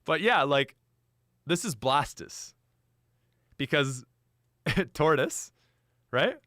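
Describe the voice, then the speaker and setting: A man's voice: on the high side, animated, drawn-out words, pushed and bright, no room sound, clean studio sound. A young adult man chatting on a live stream, laughing often and talking straight to his chat. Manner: giggly, frequent laughter; chatty, addresses chat directly.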